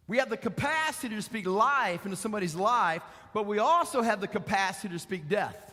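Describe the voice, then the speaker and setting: High-voiced preaching pastor in a church hall. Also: male voice, fairly bright tone. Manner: preaching with repeated rhetorical questions. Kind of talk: sermon. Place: church sanctuary.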